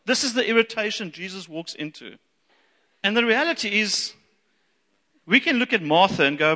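A male pastor preaches with a bright, fairly high voice, animated and playing out the people he quotes. His voice rings with a long reverb through a large hall. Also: moderate pace, pauses often. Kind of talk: sermon.

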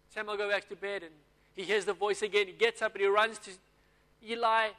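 A man's voice: high-pitched, flat delivery, unhurried, long pauses, pushed and bright. A man preaching a sermon, telling stories and acting out the dialogue. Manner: storytelling with acted-out dialogue. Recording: long hall reverb.

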